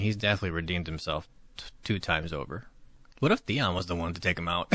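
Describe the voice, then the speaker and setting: A young man reacting to a show episode in casual commentary, excitable and swearing often, with sudden loud outbursts. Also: low-pitched, dry recording. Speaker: reaction video host. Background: show soundtrack playing.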